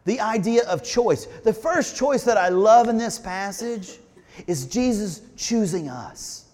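Guy preaching in a big echoey church, lively up and down voice, kinda high. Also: unhurried. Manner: conversational preaching, asks the congregation questions. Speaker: pastor. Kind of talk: sermon. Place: church sanctuary.

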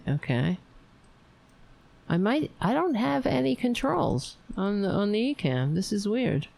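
An overtired woman hosting a livestream, rambling warmly to her viewers and signing off. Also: mid-range voice, big pitch swings, unhurried, vocal fry. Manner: rambling, emotional, talks to viewers. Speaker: livestream host. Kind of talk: casual late-night livestream sign-off.

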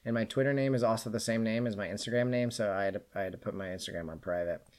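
A man's voice: lowish voice, rapid-fire. A young man co-hosting a podcast, chatting loosely about books with lots of filler words. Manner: rambling, full of "like" fillers. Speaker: podcast co-host. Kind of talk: casual book chat.

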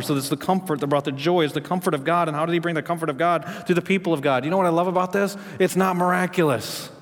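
Male pastor, mid-range voice, sermon delivery in a reverberant sanctuary. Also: medium pitch. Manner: storytelling preacher, rising to emphatic questions. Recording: long hall reverb.

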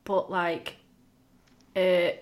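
A woman's voice: on the low side, level tone, drawn-out words. A woman co-hosting a casual chat, teasing and blunt as she prompts her partner. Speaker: podcast co-host.

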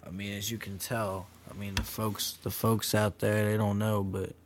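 A joking man co-hosting a podcast, with a voice on the low side. He talks in slang, swears freely and keeps things light. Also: little pitch movement, normal speed, noisy background. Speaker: podcast co-host. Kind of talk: casual chat.

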